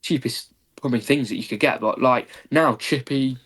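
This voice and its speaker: Halting British man on a podcast. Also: mid-range voice, a bit bright, husky. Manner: halting, repeats words while finding his point. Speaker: podcast co-host. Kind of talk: casual podcast chat.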